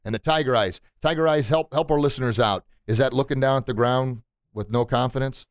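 A man who runs a martial arts school talks on his podcast in a mid-range voice. He is animated and motivational, often slips into little acted voices and laughs at his own jokes. The sound is dry and close, with no room echo. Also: medium pitch, brisk, clean tone. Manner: animated, acts out quotes and sounds, laughs at himself.

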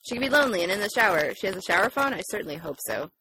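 A woman leading a casual podcast chat, lively and laughing often as she moves things along. Her pitch swings widely, and a faint hiss sits under her voice. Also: racing. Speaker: podcast host leading the segments.

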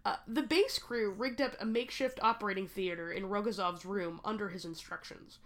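A woman's voice: mid-range voice, fairly quick. A woman hosting a podcast, telling a history story in casual chat and often breaking into laughter. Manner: laughs often, reads history with joking asides. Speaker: podcast host.

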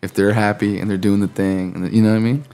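This man in his late twenties co-hosts a podcast, speaking quickly in a lowish, mellow voice with a flat delivery. He keeps things laid-back and casual, swearing freely and laughing often.

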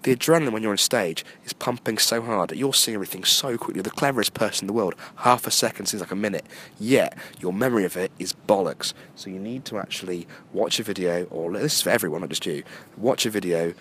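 A hoarse man with a lowish voice rambles through jokes and self-mocking asides, his voice still coming back. Faint background noise with passing trains sits behind him. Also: a bit bright. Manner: joking, self-deprecating, rambling. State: hoarse, voice just returning. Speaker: comedy club MC and stand-up. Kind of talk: casual chat. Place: near a train line at night.

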